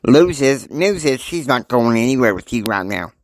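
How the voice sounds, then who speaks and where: A man's voice: mid-range voice, expressive, moderate pace, close to an everyday voice. A man voicing a stern, bossy grandmother who scolds emphatically. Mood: scolding.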